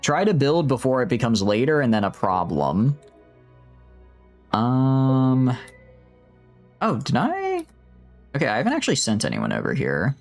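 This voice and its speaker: A man streaming a strategy game, chatting in an animated, rambling, self-mocking way. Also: mid-range voice, unhurried, long pauses, soft background music. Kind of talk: casual gameplay commentary.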